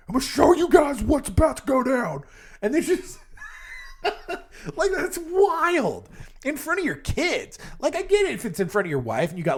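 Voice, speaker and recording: A man hosting a true-crime podcast, telling the story in a casual, sarcastic, rambling way with jokey asides. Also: fairly high pitch. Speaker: podcast host.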